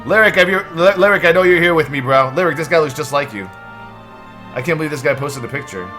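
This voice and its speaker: A young man hosting a live stream, stressed and excitable, swearing and thanking subscribers in quick bursts. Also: on the high side, soft background music. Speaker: livestream host. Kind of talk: live reaction stream chatter.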